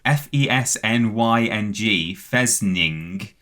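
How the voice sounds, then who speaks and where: A British man with a very low, deep voice and a bright, forceful edge explains facts at length on a podcast. He talks casually, full of "um"s, and spells out words letter by letter as he goes. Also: animated, slow pace. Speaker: podcast co-host. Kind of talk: casual chat, reading out facts.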